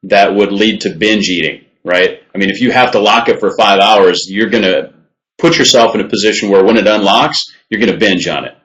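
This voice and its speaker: A man's voice: fairly low pitch, a little fast, fairly bright tone, poor audio. A man co-hosting a podcast in casual chat, easygoing and agreeable, with some hesitant fillers. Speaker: co-host.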